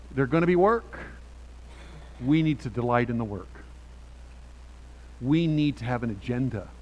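A man's voice: medium pitch, a little hiss or hum, rough recording. Middle-aged male pastor, passionate sermon, repetitive emphatic delivery. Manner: impassioned, repetitive preaching with rising bursts. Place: church sanctuary.

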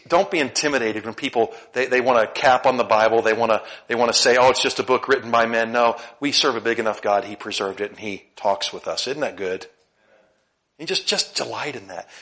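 Male pastor, middle-aged, bright forceful tone, lively sermon delivery with loud and quiet swings. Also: mid-range voice. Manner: animated preaching, swings between loud emphasis and soft asides.

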